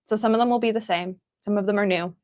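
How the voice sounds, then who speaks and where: A woman's voice: medium pitch, fast talker, a little mellow, no room sound. Chatty woman host with a dry close sound. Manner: chatty, many fillers and laughs. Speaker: podcast host. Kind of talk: casual chat.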